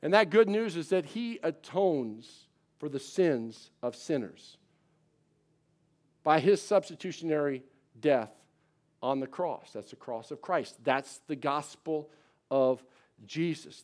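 A middle-aged male pastor preaching a sermon, swinging between loud emphatic declarations and soft, quiet personal asides. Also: fairly high pitch, expressive, slow pace.

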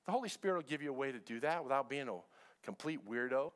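A man's voice: fairly high pitch, lively intonation, brisk. Man preaching a conversational sermon. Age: middle-aged. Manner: conversational preaching, repeats phrases, asks the congregation questions. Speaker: pastor. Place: church sanctuary with a congregation.

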